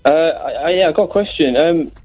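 A man prank-calling a radio show, halting and giggly. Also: a little high, narrow, tinny audio. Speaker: prank caller. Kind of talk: giggly phone-in call.

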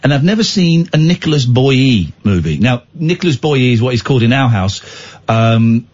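A man hosting a late-night radio phone-in, chatting and telling stories in a playful, animated way. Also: medium pitch, normal speed, highs cut off. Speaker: radio show host.

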